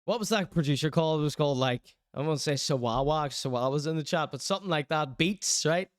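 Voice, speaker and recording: A man with a Northern Irish accent hosts in a loose, chatty way and tells stories animatedly. His voice sits a little high and comes through smooth and clear. The sound is dry and close. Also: fairly quick, dry recording. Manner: animated storytelling with put-on voices. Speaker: show host. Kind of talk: casual chat.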